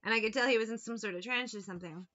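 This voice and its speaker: A woman's voice: fairly high pitch, racing, highs cut off, noisy background. A woman talking bluntly and with a lot of swearing as she tells anecdotes in a casual monologue as a tarot reader. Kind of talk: casual straight-to-camera monologue.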